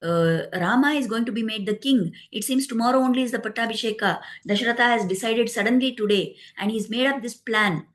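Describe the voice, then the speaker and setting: A woman's voice: a little high, fairly quick, hardly any pauses, natural voice. A woman voicing a scheming old nursemaid who scolds her queen with urgent questions while retelling an epic. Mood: scolding.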